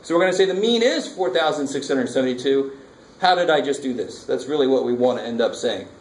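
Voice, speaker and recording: A man's voice: medium pitch, animated, fast. A man teaching a math lecture, talking casually and asking the class questions. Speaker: math instructor. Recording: echoey classroom from far off, faint noise.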